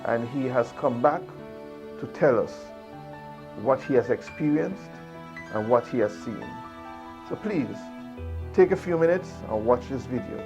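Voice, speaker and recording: A man's voice: medium pitch, expressive, measured pace, pauses often, lo-fi sound. Earnest man with music behind. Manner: earnest, pastoral appeal to viewers. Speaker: ministry host. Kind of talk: spoken video message.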